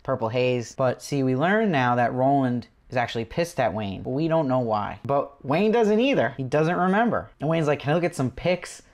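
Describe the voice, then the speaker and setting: A man talks through a crime-drama episode as the host of his own review channel. He is animated and quick to quote lines of dialogue, and his voice sits at an ordinary middle pitch for a man. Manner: animated, quotes characters in passing. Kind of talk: casual spoiler review.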